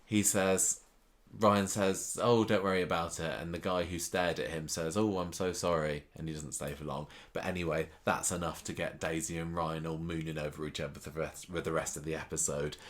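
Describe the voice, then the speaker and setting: A man's voice: a bass voice, flat delivery, fairly quick. A man co-hosting a podcast, recapping episodes with sarcastic asides in a casual chat. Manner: sarcastic, mimics characters in quotes. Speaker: podcast co-host.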